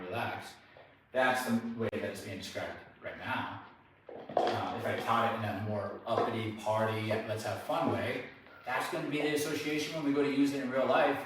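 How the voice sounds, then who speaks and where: A man working as a dog trainer, talking through a live training session in a relaxed, explanatory way. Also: medium pitch. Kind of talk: hands-on training demonstration. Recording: very echoey room, distant mic, faint noise.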